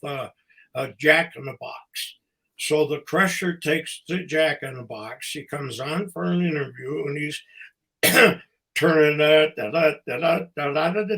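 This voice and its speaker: An older man, a former wrestling promoter and ring announcer, telling stories casually as a podcast guest, halting and fond, with pauses between phrases. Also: fairly high pitch, bright, forceful tone, rough recording. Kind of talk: casual anecdotal storytelling.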